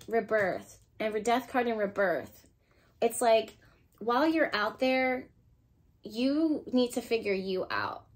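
A woman giving an intuitive pick-a-card tarot reading, speaking emotionally and thinking aloud as she turns cards, with sudden bursts of excitement. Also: fairly high pitch.

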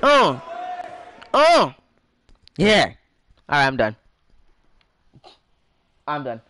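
A playful gamer giving casual commentary, excitable and often chanting along. His voice sits slightly high for a man. Faint noise runs behind him. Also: extremely slow.

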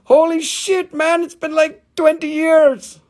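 A man's voice: very high-pitched, flat delivery, slow, darkish tone. A man in his forties hosting a live gemstone sales stream, chatting in a playful, rambling, jokey way and swearing casually. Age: 40s.

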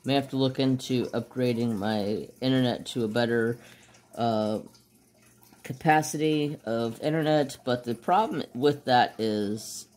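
A man's voice: mid-range voice, unhurried, darkish tone. Rambling man chatting while crafting. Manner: rambling, loses his train of thought. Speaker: crafting channel host. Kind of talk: casual chat while working on a craft.

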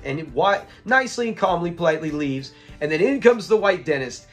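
A man hosting an episode review, retelling scenes in a lively, chuckling, casual way. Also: on the high side, fairly quick, faint music behind.

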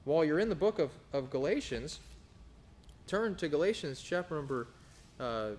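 A man's voice: big pitch swings, moderate pace, darkish tone. Emphatic male pastor preaching. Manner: emphatic preaching, rising for scripture, dropping low for anecdotes. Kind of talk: sermon.

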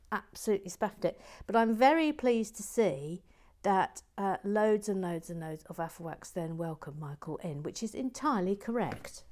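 Woman, stream host, casual chat, self-deprecating, lowish voice. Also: darkish tone. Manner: self-deprecating, chatty, exclamatory. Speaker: LEGO building stream host. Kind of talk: casual chat while building.

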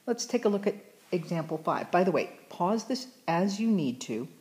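Woman math teacher, low voice, chatty and encouraging, restarts sentences a lot. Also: very animated, normal speed, darkish tone. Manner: chatty, encouraging, self-correcting. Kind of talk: recorded math lesson.

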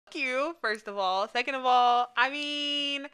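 A woman's voice: sits high, measured pace, bright, forceful tone, clean tone. A woman streamer giving casual commentary on her gameplay, playful and full of slang, teasing other players and laughing often. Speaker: gaming streamer.

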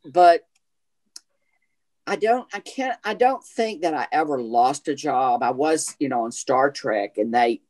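A man's voice: fairly high pitch, unhurried. Chatty Southern man in an interview. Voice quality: self-described gay voice. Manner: chatty, animated storytelling. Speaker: actor guest. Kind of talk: casual interview chat.

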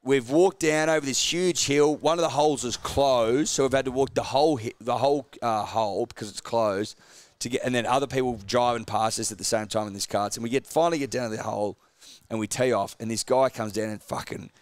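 A man's voice: medium pitch, no room sound. A young man chatting crudely and jumping in with stories. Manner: crude, chatty, quick to jump in. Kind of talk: casual storytelling chat.

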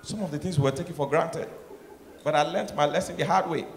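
Nigerian guy doing standup, high voice, acts out all the voices, big echoey room with lots of noise. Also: fast talker, gravelly. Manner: animated, acts out voices, swings from soft asides to shouted punchlines. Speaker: stand-up comedian. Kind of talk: stand-up comedy routine. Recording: echoey hall, noisy live room.

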